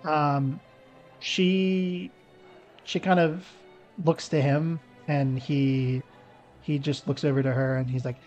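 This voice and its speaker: A man's voice: a little high, fairly even intonation, slow, a little mellow, lo-fi sound, soft background music. A man narrating a tabletop game as game master, loose and rambling with lots of likes and ums.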